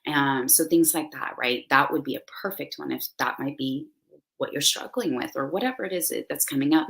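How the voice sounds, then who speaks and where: A woman with a low, deep-set voice leads a spiritual gathering in casual, gushing talk. She rambles, piles up "like" and "right?", and sounds recorded on a computer mic at home. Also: creaky, rough recording. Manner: effusive, rambling, full of "like" and "right?". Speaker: spiritual host leading a meditation ceremony.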